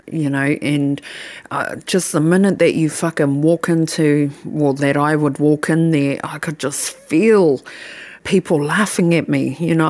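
A woman's voice: low-pitched, a little mellow, no room sound. A woman in her thirties with a New Zealand accent, hosting a podcast and telling a personal story in a blunt, candid way, swearing freely. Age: 30s. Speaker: podcast host.

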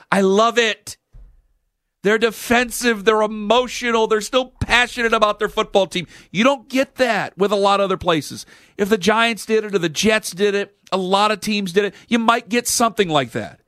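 A man's voice: high voice, expressive, fairly quick, bright, forceful tone, no room sound, studio quality. A man hosting a sports talk radio show, delivering a sarcastic, opinionated rant.

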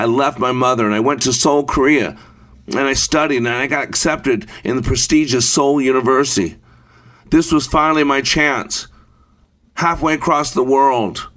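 A man telling a dramatic first-person story in a measured way, with deliberate pauses. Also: medium pitch, a bit bright.

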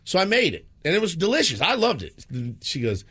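A man's voice: a little high, huge pitch swings, quick pace, hardly any pauses, a bit bright, breathy edge. Exasperated rambling man on morning radio. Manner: self-deprecating, exasperated rambling. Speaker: radio show co-host. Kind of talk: casual morning show chat.

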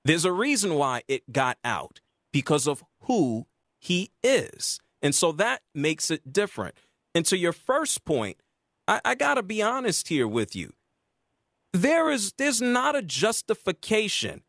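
A man's voice: unhurried, dry recording, studio quality. A man hosting a sports talk radio show, arguing his point with emphasis. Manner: emphatic, argumentative, lively pitch swings.

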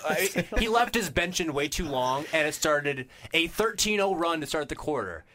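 A man's voice: fairly high pitch, animated, normal speed, a crowd in the background. A man hosting a sports podcast, ranting in an exasperated, mocking way.

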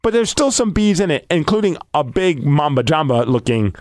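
A man co-hosting a casual podcast, telling a story with excitable, animated energy. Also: fairly high pitch, normal speed, dry recording, studio quality. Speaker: podcast co-host. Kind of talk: casual chat.

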